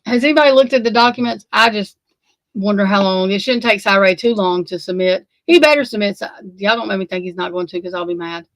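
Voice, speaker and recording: A woman's voice: mid-range voice, fast talker, no echo. A woman hosting a casual true crime livestream, sleepy and yawning, rambling and swearing in exasperation as she talks to her chat. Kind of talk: casual live commentary.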